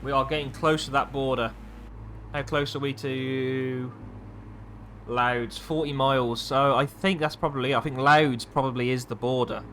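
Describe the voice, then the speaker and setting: A man's voice: medium pitch, fairly even intonation, normal speed, a bit bright, a little hiss or hum. A man, an airline pilot chatting casually as he streams a flight simulator, thinking aloud and poking fun at himself. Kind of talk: casual live-stream commentary.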